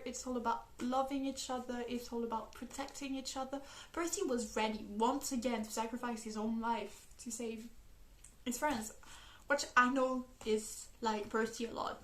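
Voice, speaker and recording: A young woman with a French first language reviewing a book in a casual vlog, gushing and animated, laughing often and swearing casually. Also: a little high. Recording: echoey room.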